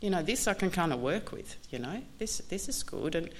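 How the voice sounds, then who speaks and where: A woman candidly telling her recovery story in a halting, earnest way, full of restarts. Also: lowish voice, sing-song, slight background noise. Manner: candid, halting, many restarts and you-knows. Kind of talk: personal testimony talk.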